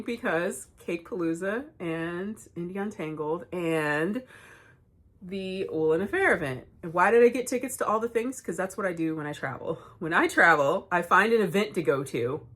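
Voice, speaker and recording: A woman, hosting a knitting vlog, telling stories in a chatty, animated way and laughing often. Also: lowish voice, normal speed. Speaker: knitting podcast host. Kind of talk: casual storytelling vlog.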